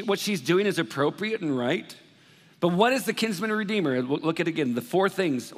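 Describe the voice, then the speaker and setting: A man preaching a sermon as pastor, talking in a conversational, animated way and acting out worried voices. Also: sits high. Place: church hall. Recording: long reverb of a large hall.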